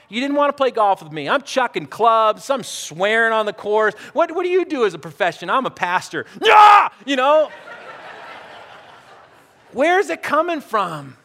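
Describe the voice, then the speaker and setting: A middle-aged male pastor preaching a sermon, telling stories with lively swings between loud outbursts and quiet, low asides. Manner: animated storytelling, swings from shouted outbursts to hushed low talk. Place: church hall. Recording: church hall with long reverb.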